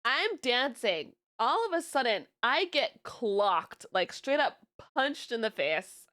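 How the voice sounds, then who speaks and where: A young woman VTuber chats casually on stream, her voice a little high and slow. She tells stories in an animated, giggly way, though she sounds tired.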